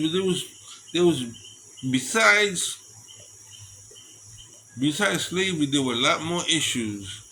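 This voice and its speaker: A man tells a loose, animated personal story and slips into other people's voices as he goes. His voice is bright and forceful, mid-pitched. Faint crickets chirp in the night air behind him. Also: a little hiss or hum. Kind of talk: casual storytelling.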